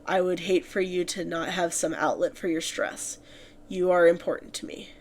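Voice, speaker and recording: A woman voicing a tender male vampire reading his own letter aloud, in a gentle, earnest manner. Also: fairly low pitch, steady tone, moderate pace, slight background noise, close to an everyday voice. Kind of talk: fanfiction read aloud.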